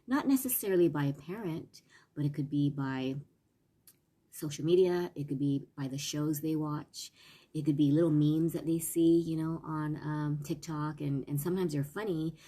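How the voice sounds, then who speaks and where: A woman's voice: sits low, moderate pace, dark tone. A woman parenting coach and teacher giving a casual live-stream talk, earnest and meandering, with restarts.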